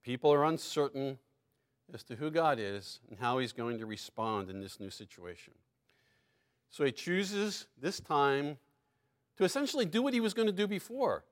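A man preaching a sermon, his voice sitting a little high for a man. He reads scripture with strong emphasis, then drops into casual asides with small laughs. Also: very animated, moderate pace.

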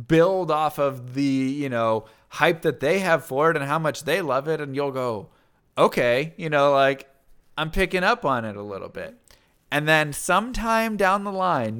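High-voiced man in animated chat. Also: smooth. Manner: energetic, acts out little quoted lines, asks "right?" often. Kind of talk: casual conversation.

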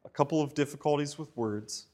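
A man preaching a sermon in an animated, conversational way, with fillers and asides. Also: on the high side, a little fast. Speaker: pastor.

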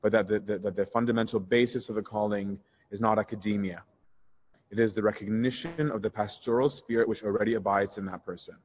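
A priest teaching a Bible study in a candid, conversational way, answering questions and telling personal stories. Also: male voice, fairly low pitch, brisk, slightly rough, highs cut off. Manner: candid and conversational, shifts into animated retelling.

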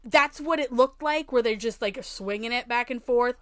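A woman's voice: a little high, moderate pace, crowd noise. A woman co-hosting a casual movie podcast, chatty and wry, full of "like" fillers. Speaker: podcast co-host. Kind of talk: casual chat reviewing a movie.

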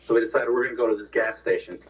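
A man's voice: mid-range voice, steady tone, racing. A man casually telling a long rambling story, repeating words and swearing as he goes. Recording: distant, dull radio phone-in sound.

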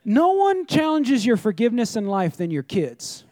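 A man's voice: very high-pitched, huge pitch swings, normal speed, mellow, no room sound. A middle-aged man preaching a conversational sermon, telling stories and talking straight to the congregation. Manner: chatty storytelling, addresses the audience directly. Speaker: pastor.

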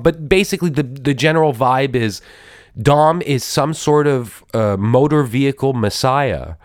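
A man's voice: mid-range voice, a little slow, dry recording, studio quality. A man hosting a podcast, reviewing a movie in a wry, rambling way with lots of restarts and repeated words. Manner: wry, mock-admiring tone. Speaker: podcast host. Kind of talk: casual movie review talk.

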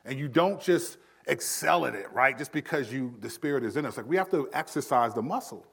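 A man in his thirties preaching a sermon in a conversational style, acting out quick quotes. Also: medium pitch, lively intonation, gravelly, fairly bright tone, breathy edge. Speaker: pastor.

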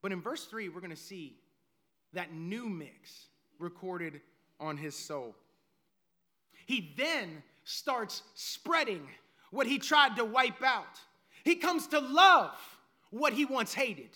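Slow, high-voiced, dramatic male preacher. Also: expressive. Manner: dramatic, emphatic, swings from hushed to loud. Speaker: pastor. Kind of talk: sermon.

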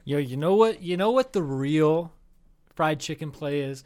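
Swearing, rambling male co-host, slightly higher voice, loose casual chat. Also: lively intonation, measured pace, darkish tone. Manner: rambling, profane, keeps saying dude. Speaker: podcast co-host.

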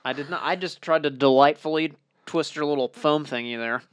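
A man's voice: fairly high pitch, fairly quick, clean tone, no echo, studio quality. A young man co-hosting a podcast, teasing and joking in casual chat. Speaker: podcast co-host.

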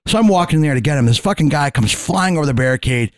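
A man's voice: on the high side, expressive, fast, slight background noise. A man on a podcast telling a story in casual chat, acting out the quotes, laughing often and swearing freely. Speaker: podcast co-host; fair security worker.

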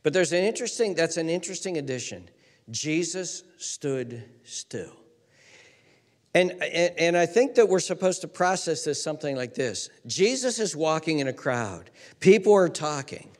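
A male pastor preaching a dramatic sermon, swinging between loud shouts and hushed whispers, in a church hall. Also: on the high side, expressive, fairly quick, few pauses. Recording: long hall reverb.

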